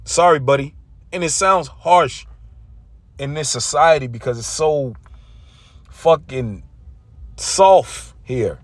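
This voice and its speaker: A man's voice: a little high, expressive, takes it slowly, pauses often, no room sound. A man giving an intense, casual religious rant, often stumbling and repeating himself. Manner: intense, repetitive, stumbling over words.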